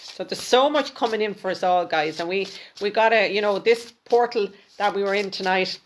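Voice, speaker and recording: A woman giving a live intuitive card reading, speaking to viewers by name, gently repeating words and trailing off into near-whispers. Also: mid-range voice, moderate pace, a little hiss or hum. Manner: chatty, addresses viewers by name.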